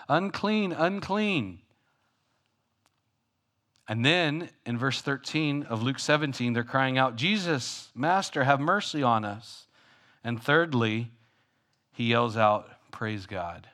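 A male pastor preaching to his congregation in a conversational, self-deprecating way. His mid-range voice swings between loud bursts and hushed asides as he tells the story. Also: medium pitch. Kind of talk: sermon.

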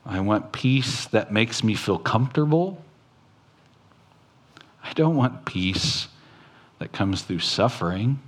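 A man preaching a sermon as a pastor, quoting scripture and talking plainly to the congregation, his voice rising at times. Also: animated. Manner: preaching slowly, quoting scripture, with sudden rises in pitch.

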